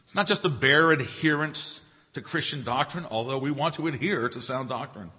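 Bright-voiced preacher in an echoing hall. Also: male voice, medium pitch, normal speed. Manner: emphatic preaching with repeated phrases and rhetorical questions. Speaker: pastor. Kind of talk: sermon. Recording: reverberant hall.

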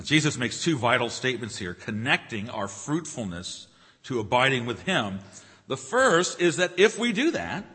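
A man's voice: a little high, bright, forceful tone. A man preaching a sermon as pastor, emphatic, repeating key phrases and asking rhetorical questions. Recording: reverberant hall.

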